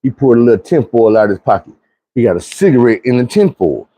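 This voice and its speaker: Mellow-voiced man telling a story. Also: medium pitch, fast talker, no room sound. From Arkansas. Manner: animated, slangy, acts out quoted friends. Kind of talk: casual profane storytelling.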